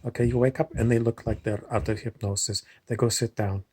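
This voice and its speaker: In a mid-range, somewhat dark voice with fairly even intonation, a man talks briskly through a casual, digressive monologue. He wanders between points in loose, unpolished phrasing full of fillers and restarts, over slight background noise.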